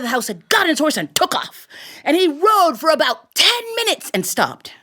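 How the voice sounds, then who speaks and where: Animated high-voiced woman storyteller. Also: moderate pace. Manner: animated, chuckles between lines. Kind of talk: live storytelling. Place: recording studio.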